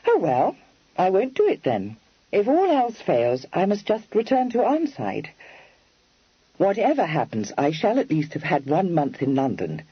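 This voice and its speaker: A spirited young lady, voiced by a man narrating the storybook, coaxing and earnest, her lilting voice climbing high and swooping widely. The tone is a touch husky, and the recording is slightly dull and very dry. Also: wildly swooping pitch, a little slow, dry recording, exaggerated voice. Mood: eager. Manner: high, lilting, prim formal phrasing.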